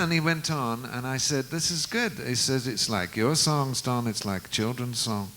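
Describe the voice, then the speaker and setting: A man in his seventies, a guest musician, telling an anecdote in an unhurried way and acting out the quoted dialogue. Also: mid-range voice, pushed and bright, faint music behind, low-quality recording. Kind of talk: anecdotal storytelling.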